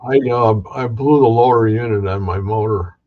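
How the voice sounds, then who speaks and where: A man casually interviewing a guest over a remote connection, halting and full of restarts. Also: lowish voice, narrow, tinny audio.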